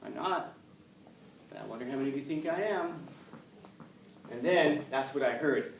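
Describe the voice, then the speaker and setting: Speaking at a moderate pace with long pauses, a man with a slightly high voice and lively intonation lectures his class. He's blunt and forthright, repeatedly posing rhetorical questions. The distant pickup in an echoey classroom carries a faint hum beneath him.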